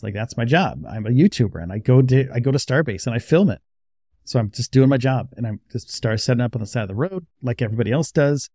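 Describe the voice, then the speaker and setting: A man's voice: mid-range voice, warm tone, no echo, studio quality. A man telling a rambling, casual story to his viewers, full of restarts and asides. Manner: rambling, conversational, many restarts. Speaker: YouTuber. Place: outdoors by a roadside.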